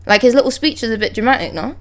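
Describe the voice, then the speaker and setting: Excitable young woman reacting live. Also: on the high side, rapid-fire. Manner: reads dialogue aloud, breaks off with excited exclamations and swearing. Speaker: manga reaction streamer.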